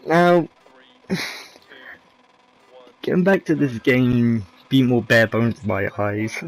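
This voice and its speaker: A man's voice: mid-range voice, poor audio. Rambling male gameplay commentator. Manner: rambling, self-correcting, candid. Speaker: gaming video creator.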